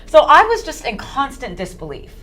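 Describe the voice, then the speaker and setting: An actress telling an anecdote in an interview, animated and acting out the dialogue. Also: female voice, high voice, normal speed. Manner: animated storyteller, acts out dialogue.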